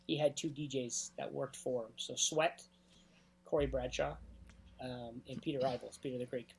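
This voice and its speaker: A man with a husky, slightly raspy voice talks through club stories in a casual interview. He rambles through anecdotes as a guest DJ, pausing often to clear his throat. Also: medium pitch, steady tone.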